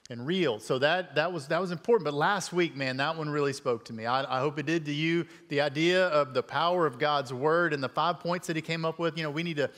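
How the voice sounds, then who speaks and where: Folksy middle-aged guest preacher, reverberant hall. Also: male voice, a little high, a little fast, few pauses, a bit bright. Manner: conversational, with many fillers and folksy asides. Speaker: guest speaker. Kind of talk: storytelling sermon. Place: church sanctuary.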